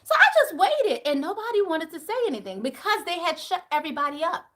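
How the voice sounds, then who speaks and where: A woman with a high, bright voice tells her story in a casual, profane rant. Her pitch swoops widely as she swings from loud outbursts to low, muttered asides. She is a spiritual reader hosting a live stream. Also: big pitch swings, fast.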